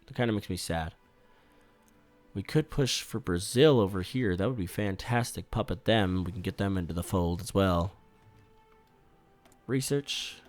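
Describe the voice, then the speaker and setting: A man giving casual, swear-laced commentary while playing a strategy game, bursting out loudly when things go wrong. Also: deep voice, measured pace, pauses often, faint music behind. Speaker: gaming YouTuber.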